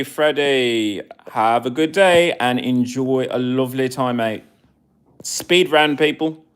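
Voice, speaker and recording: A man's voice: a little high, fairly bright tone, smooth. A man in his forties with an English accent, talking on a live stream and answering chat comments in a snarky, haughty way. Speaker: livestreamer.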